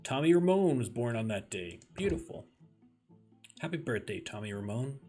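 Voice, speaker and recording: A Canadian man with a Canadian accent chats through a let's play at an average pitch. He rambles and drifts onto tangents as he plays. Game music is clearly audible behind his voice. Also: sing-song, normal speed, darkish tone. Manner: chatty, wanders off on tangents. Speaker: gaming streamer.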